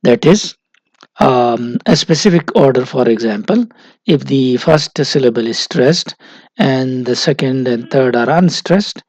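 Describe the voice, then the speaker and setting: Slow, gravelly male lecturer. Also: mid-range voice, animated, darkish tone, no echo, poor audio. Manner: slow, methodical, frequent "uh" pauses. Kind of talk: recorded university lecture.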